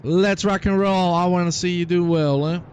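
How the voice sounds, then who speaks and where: Hyped, high-voiced race commentator man. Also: fairly even intonation, moderate pace, a little mellow, slight background noise. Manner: teasing and hyped, chants and cheers drivers on. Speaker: sim racing commentator.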